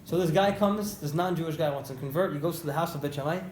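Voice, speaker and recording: High-voiced man teaching a lively class. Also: fast talker. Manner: animated, storytelling, repeats phrases for emphasis. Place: indoor classroom with students. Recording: echoey room, faint background noise.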